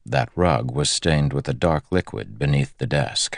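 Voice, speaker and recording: A man narrating a fantasy audiobook in a steady, even manner. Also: very deep voice, measured pace, creaky, hardly any pauses, dry recording, studio quality.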